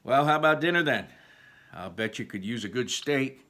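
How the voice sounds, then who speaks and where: A man voicing a loud, hearty, middle-aged father who talks with jovial bluster and brushes off concerns. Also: lively intonation, normal speed. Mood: scoffing. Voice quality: booming, boisterous.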